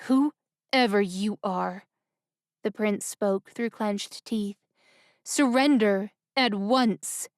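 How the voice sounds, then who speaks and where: A woman's voice: mid-range voice, fairly even intonation, slow pace, clear, resonant tone, no echo, studio quality, lightly acted. Woman voicing a grief-stricken young prince. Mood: furious. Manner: shouting commands, voice trembling. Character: young male prince, grieving and enraged.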